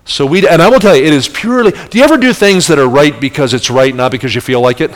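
A middle-aged man from New Jersey preaching a sermon as a traveling evangelist, telling a personal story in an animated way, his voice jumping up for the punch lines. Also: high voice, quick pace. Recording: long hall reverb.

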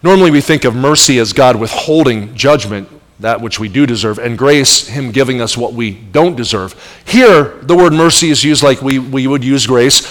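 A middle-aged man preaching a sermon as pastor, animated, with emphatic rising peaks and soft asides. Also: mid-range voice, moderate pace. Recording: long hall reverb.

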